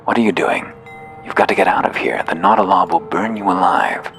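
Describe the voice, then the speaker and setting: A man voicing a nervous, fussy woman mayor who rambles in flustered politeness, pitched up from his own voice. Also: fairly quick, fairly bright tone, faint music behind. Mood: frantic.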